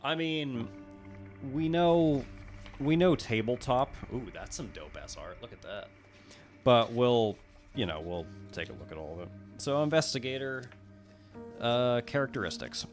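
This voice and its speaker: A man streaming, who reads a solo tabletop adventure aloud and breaks off for relaxed, chatty asides with the odd curse word, on a condenser mic. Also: mid-range voice, measured pace, faint music behind. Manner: relaxed, chatty, drops curse words between read passages.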